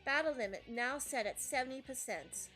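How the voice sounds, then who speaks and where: A woman doing a female combat android who reports everything in a flat, mechanical monotone with a put-on accent. The voice sits fairly high, with faint music underneath. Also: normal speed. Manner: monotone report-style delivery. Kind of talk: fan voice-over of a game.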